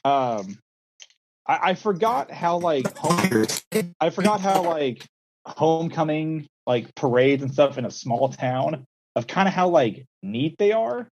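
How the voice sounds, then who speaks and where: A man's voice: fairly high pitch, expressive, a little slow, darkish tone, poor audio. A young man, a teacher and coach, chatting casually on a podcast, rambling with lots of fillers and quoting people in playful voices. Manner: rambling with many fillers, acts out quoted voices. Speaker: podcast co-host, schoolteacher and coach. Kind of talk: casual storytelling chat.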